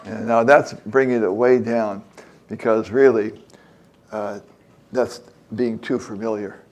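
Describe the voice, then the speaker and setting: An older man preaching a relaxed, conversational sermon as a pastor, often pausing with fillers as he addresses young listeners. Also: fairly low pitch.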